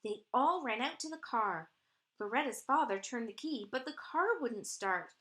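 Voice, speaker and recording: A woman's voice: a little high, expressive, moderate pace, pushed and bright. A woman telling a children's story expressively, drawing out sound effects.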